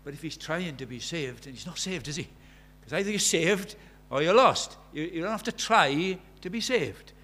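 A man's voice: on the high side, animated, normal speed, few pauses, pushed and bright. A man preaching a sermon, emphatic, repeating key phrases and asking the listeners rhetorical questions.

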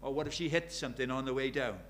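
A middle-aged man preaching a sermon. He drops to near-whispers and then rises to loud, urgent questions. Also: mid-range voice, fairly even intonation, fast talker, a little hiss or hum. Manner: swings from hushed intimacy to loud urgent questions.

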